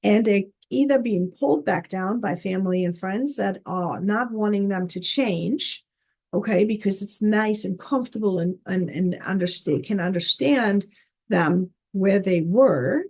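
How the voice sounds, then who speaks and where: A woman's voice: mid-range voice, unhurried, a little mellow, slightly rough. A woman life coach teaching in an earnest, casual way, often checking in with "okay?" and "right?". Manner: earnest, repeats words, frequent "okay?" and "right?".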